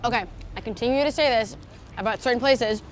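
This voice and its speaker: A woman's voice: on the high side, brisk, slight background noise. Enthusiastic woman raving over food. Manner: chatty, enthusiastic, self-deprecating. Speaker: co-host and food taster. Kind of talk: casual food-tasting chat. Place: outdoors on city streets.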